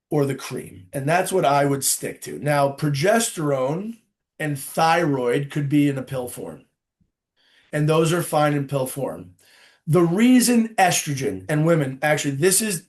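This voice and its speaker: Guy doctor explaining stuff in an interview, kinda high voice, talks straight and emphatic, casual about it. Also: a little mellow. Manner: emphatic, informal, direct advice. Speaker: doctor and guest expert.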